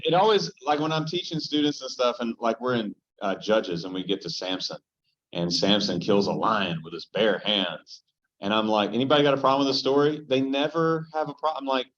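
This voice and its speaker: A man teaching a Bible study as pastor, joking and animated as he tells stories and puts questions straight to the small group in front of him. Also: mid-range voice. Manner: joking, animated storyteller who addresses the group directly. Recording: dull, lo-fi sound.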